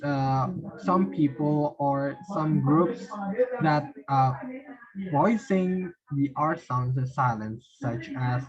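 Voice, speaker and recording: A man teaching English pronunciation, reading word lists one by one and explaining with halting, repeated phrases and fillers. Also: medium pitch. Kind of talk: slow word-list drill and explanation. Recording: dull lo-fi voice recording.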